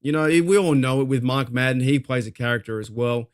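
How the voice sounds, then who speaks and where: An Australian man hosting a fan talk show at a mid-range pitch. He vents in a fired-up, rambling way and swears freely, circling back over his points. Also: a little fast. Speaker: podcast host. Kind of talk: casual fan commentary.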